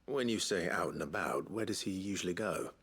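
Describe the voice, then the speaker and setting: An actor playing a grave, resolute young warrior who speaks in a measured, formal way in video game dialogue. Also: male voice, sits low, lively intonation, fairly bright tone, husky, exaggerated voice. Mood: calm. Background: game score music.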